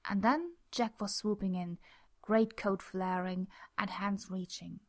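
Soft-spoken woman reading a story aloud. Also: mid-range voice, slow pace. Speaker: reader. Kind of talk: reading fan fiction aloud.

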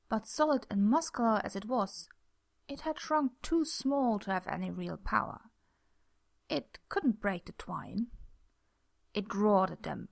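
A woman reading a story aloud as narrator, in a calm, steady, soft-spoken way. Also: medium pitch, creaky. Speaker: audiobook narrator.

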